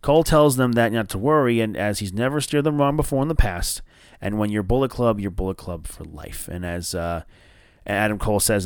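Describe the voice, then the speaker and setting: A man from northern New Jersey hosting a casual wrestling review podcast, rambling and excitable with lots of fillers and swearing. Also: fairly low pitch, a little fast, clear, resonant tone, no echo, clean studio sound. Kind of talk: casual solo review show.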